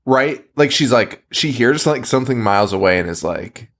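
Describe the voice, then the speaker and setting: A man's voice: mid-range voice, expressive, normal speed, fairly bright tone. A man co-hosting a horror movie podcast, chatting casually, swearing freely and laughing often. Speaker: podcast co-host. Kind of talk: casual chat.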